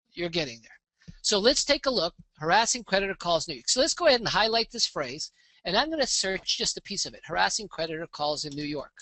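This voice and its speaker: Male webinar presenter, upbeat sales pitch, forceful voice, dry close sound. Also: no room sound. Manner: upbeat salesy walkthrough, frequent "okay?" check-ins. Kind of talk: live online business pitch with screen demo.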